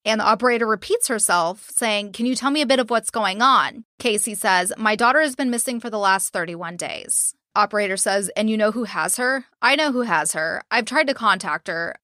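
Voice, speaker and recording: A woman's voice: medium pitch, brisk, hardly any pauses, sharp tone, no room sound, studio quality. A young woman hosting a true crime podcast, retelling a case in casual talk, swearing freely and acting out quotes. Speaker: podcast host.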